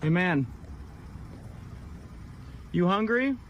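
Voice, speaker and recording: A man films a casual clip, chatting breezily and calling the stranger "man". His voice sits high for a man. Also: animated, drawn-out words, dull audio, slight background noise. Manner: breezy, friendly, calls people "man". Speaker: video creator handing out food. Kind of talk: casual filmed prank chat.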